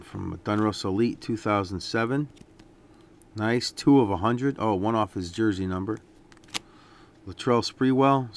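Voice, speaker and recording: A man casually talking through a stack of sports trading cards, relaxed and rambling with lots of fillers. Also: lowish voice. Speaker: card collector vlogger. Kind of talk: casual unboxing commentary.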